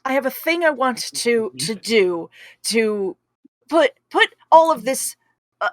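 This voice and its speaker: A woman's voice: a little high, lively intonation, takes it slowly, no echo, clean studio sound. A woman co-hosting and judging a comedy podcast game, bantering playfully with mock solemnity. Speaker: co-host and judge.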